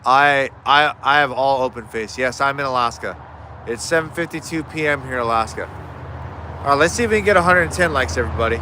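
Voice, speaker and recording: A man with a mid-range voice that sounds pushed and bright talks fast while running a casual fishing livestream in his yard. He rambles through viewer questions in a live Q&A chat and restarts frequently, with a little hiss or hum in the audio.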